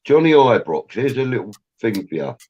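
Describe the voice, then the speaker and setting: A man's voice: medium pitch, sing-song, moderate pace, muffled recording. A man joining a stream as a guest who runs a fan channel, talking in a friendly, earnest way over a call. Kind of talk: casual chat.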